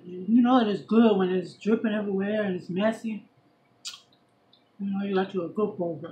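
A woman with a Southern US accent, chatting and eating on camera in a laid-back, slangy way. Her voice sits at an ordinary middle pitch for a woman. The camera audio is a little dull and lo-fi. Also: slight background noise. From Brooklyn, New York. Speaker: mukbang vlogger. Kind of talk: casual mukbang chat while eating. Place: at home by a window.

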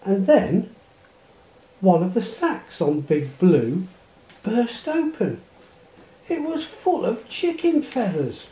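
Male read-aloud narrator, unhurried and lilting, echoey room. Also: high voice, slight background noise. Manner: expressive read-aloud storytelling. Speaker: storybook reader. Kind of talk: reading a children's picture book aloud. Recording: roomy echo.

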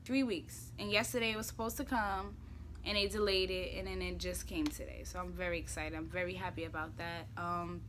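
A woman's voice: lowish voice, fairly even intonation, brisk, fairly bright tone, slight background noise. Chatty young woman hosting a talk show. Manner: chatty, playful and opinionated, with slang and filler words. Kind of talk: casual solo talk show monologue. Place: room at home.

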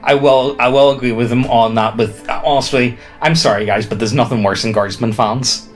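A man's voice: medium pitch, steady tone, normal speed, faint music behind. Rambling apologetic man. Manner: rambling, apologetic, hesitant restarts. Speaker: podcast co-host. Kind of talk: casual chat.

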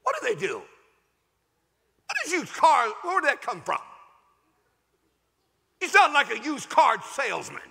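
A man preaching a sermon as a pastor, with a fervent, emphatic delivery that rises to shouts. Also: very high voice, wildly swooping pitch, moderate pace, creaky, long pauses, husky, in a large hall. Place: large church sanctuary.

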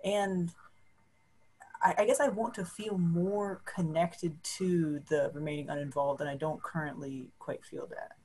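A woman's voice: low voice, fairly even intonation, measured pace, darkish tone, husky, low-quality recording. A woman on a video call tentatively asking a meditation question, thinking aloud as she goes.

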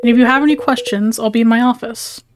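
A woman's voice: a little high, fairly even intonation, quick pace, close to an everyday voice. A woman voicing a polite, formal male company boss who has a clock for a head, over game music. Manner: courteous and formal.

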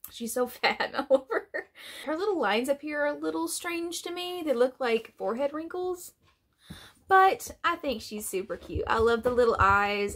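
A woman vlogger chatting casually through an unboxing, gushing and laughing often. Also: high-pitched.

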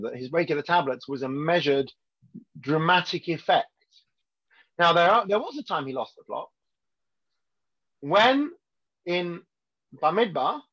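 A man's voice: a little high, fairly bright tone, husky. A man teaching a weekly Torah class as a rabbi, in a conversational way, often checking in with his listeners. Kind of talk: informal Torah lesson. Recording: dull lo-fi sound.

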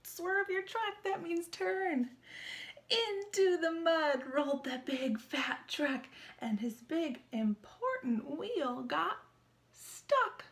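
A woman leading a children's story time with sign language, reading aloud in an animated, sing-song manner and asking the children questions, from a small room. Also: very high voice, slow pace. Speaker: children's librarian.

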